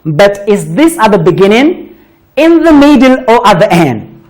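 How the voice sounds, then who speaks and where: A woman teaching a children's phonics lesson, sounding out words deliberately and praising pupils often. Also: mid-range voice, very animated, a little mellow.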